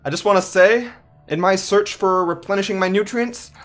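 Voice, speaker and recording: A man giving casual, self-mocking let's play commentary while building in a game, animated and giggly. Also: high-pitched, moderate pace, faint music behind. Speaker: gameplay host.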